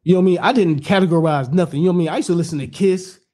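Middle-aged man, slightly high but mellow voice, rambling, blunt podcast regular. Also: very fast. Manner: rambling, repeats "you know what I'm saying", blunt and profane. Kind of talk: casual podcast chat.

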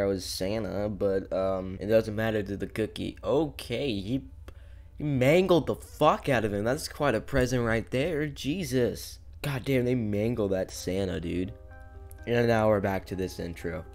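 A young man giving rambling, profane, jokey commentary while playing a horror game, breaking into sudden shouts. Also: mid-range voice. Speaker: gaming YouTuber. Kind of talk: casual let's-play commentary.

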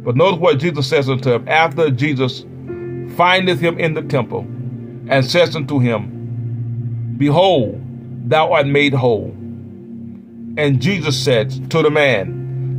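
Man, preacher, sermon, chanting repetition, slightly high voice, loud music behind. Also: animated, unhurried, pauses often. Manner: chanting repetition, rising to shouts.

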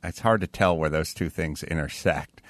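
A man's voice: rumbling low, normal speed, dry recording, clean studio sound. A man hosting a podcast, telling rambling, profane anecdotes in casual chat. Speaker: podcast host.

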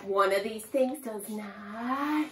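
A woman teaching a preschool lesson to young children, with a slow, sing-song and exaggerated teacher delivery. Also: medium pitch, a bit bright. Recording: echoey room, far from mic.

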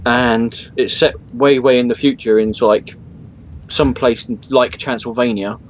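A man's voice: medium pitch, steady tone, measured pace, slight background noise, poor audio. A man chatting on a podcast, explaining things in a loose, rambling way. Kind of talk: casual chat.

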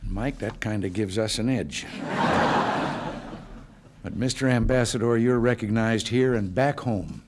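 An older man from the United States giving informal remarks to staff in a hotel function room, with relaxed, folksy storytelling and dry humor. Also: fairly low pitch, measured pace, heavy background noise. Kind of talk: informal speech with joke stories.

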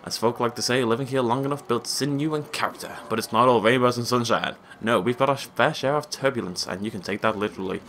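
A man voicing a gruff, blustery old male village chief from a video game, speaking in a folksy, boastful way. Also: mid-range voice, fast, hardly any pauses, fairly bright tone, slight background noise, close to an everyday voice. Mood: folksy, blustering.

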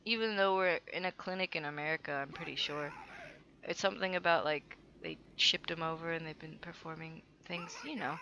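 A woman's voice: medium pitch, moderate pace, pushed and bright, muffled recording, slight background noise. A young woman giving goofy, playful commentary while playing a video game, chatting to herself and the game. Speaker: let's play gamer. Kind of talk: casual gameplay commentary.

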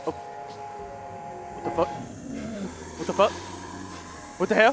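A man doing loud, goofy, excitable commentary as he plays a game, often laughing. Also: high voice, a little slow, long pauses, slight background noise. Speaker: let's play host. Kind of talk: gaming commentary.

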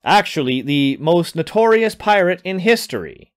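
A man reading his own adventure story aloud, narrating in an expressive storytelling manner. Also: sits high, moderate pace.

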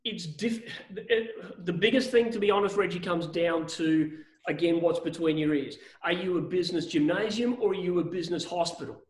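A man, a business coach teaching a seminar in an energetic way, acting out phone calls and often restarting his sentences. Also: sits high, moderate pace, hardly any pauses. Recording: echoey room.

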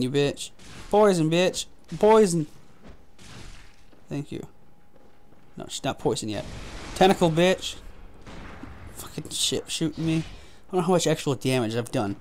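A man's voice: a little high, lively intonation, takes it slowly, long pauses, darkish tone, a little hiss or hum. A man giving frustrated, profane trash-talking commentary while playing a game. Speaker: gaming video host. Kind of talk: gameplay commentary.

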